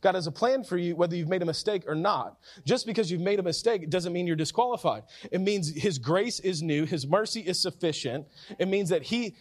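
A man preaching a sermon as pastor, talking conversationally, repeating and restarting phrases, with swings from loud and urgent to soft and quiet. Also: high-pitched, animated, a little fast.

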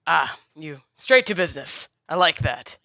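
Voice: medium pitch, big pitch swings, gravelly, sharp tone, no echo, full character voice. A game master voicing a formal half-orc woman leader. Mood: measured. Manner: measured, formal speech.

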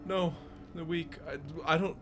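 A man's voice: on the high side, fairly even intonation, unhurried, voice pushed up, close to an everyday voice. A man voicing a fearful, resigned old male prisoner who mumbles and rambles. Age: older.

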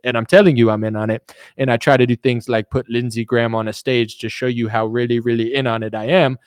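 A man's voice: mid-range voice, a little mellow, no echo, clean studio sound, natural voice. A man doing a rambling boastful politician impression. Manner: rambling, bragging, insulting.

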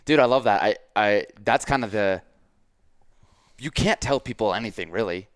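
A man's voice: fairly low pitch, animated, moderate pace, smooth, dry recording, clean studio sound. A man hosting a casual podcast as a fitness coach, talking emphatically with lots of "like" and quoted dialogue.

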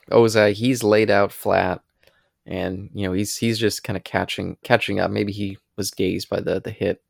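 Deep gravelly podcast co-host. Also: male voice, no echo, clean studio sound. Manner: narrates plot in long descriptive runs. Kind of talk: casual chat, recapping scenes.

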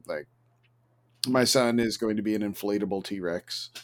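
Low-voiced dad in casual chat. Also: male voice, unhurried. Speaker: podcast co-host.

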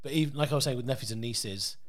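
A man's voice: mid-range voice, fast. A man in his thirties co-hosting a podcast in casual chat, jokey and teasing, swearing and slipping into mock voices. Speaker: podcast co-host.

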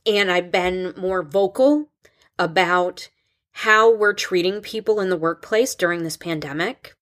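A woman in her thirties talks through her experience on her own podcast, her delivery slow and unhurried. She halts and restarts often as she searches for words, in a voice that sits a little low. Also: fairly bright tone. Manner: halting, with many restarts and fillers. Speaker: podcast host and school counselor. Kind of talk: casual podcast conversation.

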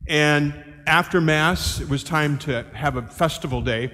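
Older priest, kinda high voice, animated story homily, big echoey church. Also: male voice, a little slow. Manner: animated, acts out quoted voices.

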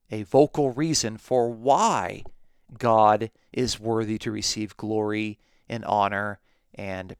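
Male Bible teacher, slow and deliberate, stresses key words, smooth voice. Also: on the low side, no echo, clean studio sound. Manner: measured, emphatic on key words. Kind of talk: recorded Bible lesson.

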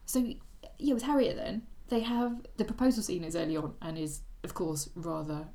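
Low gravelly woman. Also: expressive, normal speed, dark tone, recorded from a distance. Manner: reads novel passages aloud, laughs often. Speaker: podcast co-host. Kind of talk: casual book chat.

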